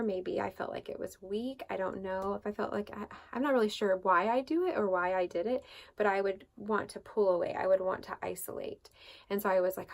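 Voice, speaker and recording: A woman hosts a devotional talk, telling a personal faith story in a loose, rambling way. Her mid-pitched voice has a steady gravelly fry. She keeps restarting and filling gaps as she goes. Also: fairly quick. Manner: conversational, rambling with fillers and restarts. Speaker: devotional podcast host.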